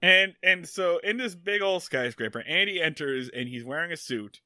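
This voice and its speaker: A man co-hosting a casual podcast who retells a TV plot scene by scene, voicing each character as he goes. His voice is fairly high, very bright and swoops lively. The sound is dry and close. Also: normal speed, dry recording. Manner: narrates the plot step by step, acting out characters' lines. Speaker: podcast co-host.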